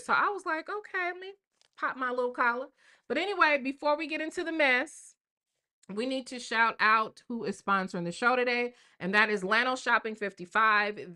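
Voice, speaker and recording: Bright-voiced chatty grandmother host. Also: mid-range voice. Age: older. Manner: chatty, slangy, addresses viewers as y'all and baby. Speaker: livestream host. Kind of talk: casual live-stream chat.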